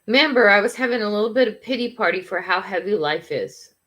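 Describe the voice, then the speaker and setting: An older woman hosting a morning livestream, telling a funny story in a chatty, animated way. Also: mid-range voice, fast talker. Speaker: livestream host.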